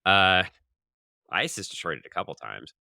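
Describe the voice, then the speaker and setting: A man's voice: deep voice, very animated, normal speed, gravelly, pushed and bright, no echo, clean studio sound. A man co-hosting a podcast, casually retelling a comic book issue in long runs and reading its quoted lines aloud. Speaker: podcast co-host.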